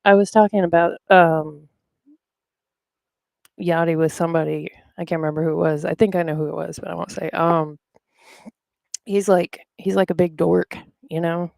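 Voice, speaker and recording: Gravelly casual podcast host. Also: medium pitch, fairly even intonation, normal speed, long pauses, a little mellow, no room sound, studio quality. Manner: rambling, talks to self while browsing. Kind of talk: casual chat.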